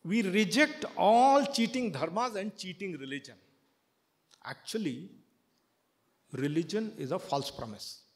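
A man giving a sermon, chanting verses and then explaining them at length, often halting with fillers and restarts. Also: high-pitched. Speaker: preacher.

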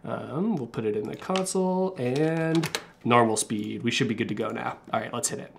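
A man's voice: mid-range voice, expressive, normal speed, creaky, a little hiss or hum. A man from Canada giving casual commentary on video clips, chatty with many fillers and restarts. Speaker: finance commentator.

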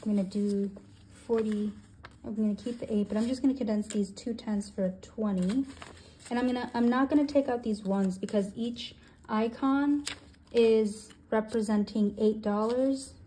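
A woman in her twenties, a budgeting channel host, counting cash aloud and thinking out loud as she sorts it. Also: on the high side, normal speed, slight background noise. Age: 20s. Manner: counts bills aloud in steady runs; thinks aloud, with soft hesitations.

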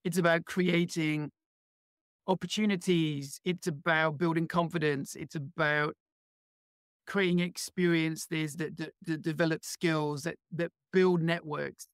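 A man's voice: on the high side, flat delivery, measured pace, clean tone, no echo, clean studio sound. A man with a British accent, a podcast guest explaining his work in a friendly, enthusiastic way. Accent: British English. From England. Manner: friendly, enthusiastic, fluent with small restarts. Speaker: guest, head of learning. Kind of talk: conversational interview answers.

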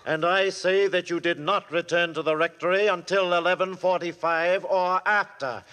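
A cold prosecutor presses his charges in measured, deliberate tones. His voice sits slightly high, in a 1940s radio drama. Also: fairly even intonation, fairly bright tone, clean tone, long reverb tail. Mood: accusing. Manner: measured, accusing. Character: male prosecutor, cold and accusing.

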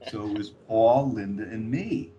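An older man with a fairly low voice tells anecdotes with energy, slipping into the voices of the people he quotes. A faint hum sits under the recording. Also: unhurried, dull audio. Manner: animated anecdote teller, acting out quoted voices. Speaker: author guest. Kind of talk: storytelling anecdotes.

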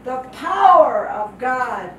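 A woman's voice: high voice, sing-song, slow pace. An older woman giving a heartfelt testimony sermon as a missionary guest speaker, repeating phrases for emphasis. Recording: echoey hall from far off, noisy.

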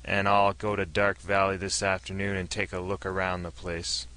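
Weary burly sheriff, voiced by a male narrator, folksy and plain-spoken, lowish voice. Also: level tone, normal speed, sharp tone.

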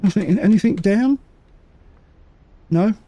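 A man casually commentating a game as he plays, muttering to himself and making quick jokes. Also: high voice, lively intonation, dark tone, a little hiss or hum. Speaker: gaming channel host. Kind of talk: casual let's-play commentary.

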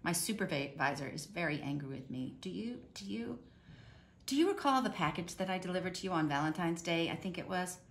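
A woman voicing a worried male postman in a storybook, speaking quietly and hesitantly. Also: on the low side, lively intonation, fairly quick, slight background noise.

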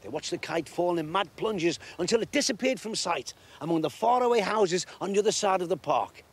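A man reads a storybook aloud, expressive and measured, his pitch swinging widely from line to line. The voice is on the high side for a man and carries a husky grain. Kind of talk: storybook reading.

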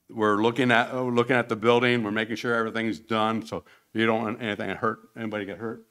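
A deep-voiced man talks a church congregation through his slides from a podium. He rambles in a loose, conversational way and often restarts his sentences partway through. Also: fairly bright tone. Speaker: church mission speaker. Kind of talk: informal church presentation with slides.

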